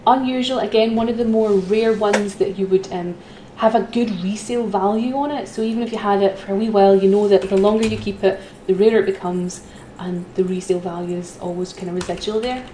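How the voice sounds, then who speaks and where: A woman's voice: medium pitch, fairly even intonation, a little fast, few pauses, dark tone. Woman, auction host; chatty, laughs easily, lots of ums. Roomy echo. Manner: chatty, giggly, with frequent ums. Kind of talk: live-streamed auctioneering. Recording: roomy echo with faint noise.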